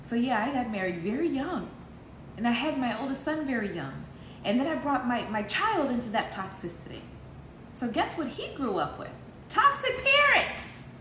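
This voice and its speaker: A woman in her forties talks like a preacher on a livestream, passionate and emphatic, dropping low and soft and then rising loud again, laughing now and then. Her voice sits a bit high. The room is echoey, with a faint hiss of noise behind her. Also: sing-song, moderate pace. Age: 40s. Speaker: host of an online faith talk.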